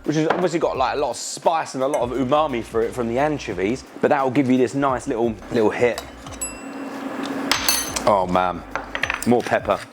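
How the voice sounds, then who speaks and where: A man's voice: mid-range voice, fairly quick, long pauses, a little hiss or hum. An enthusiastic man, hosting a casual cooking demonstration in chatty, slangy talk. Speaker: cooking show host. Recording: music playing behind.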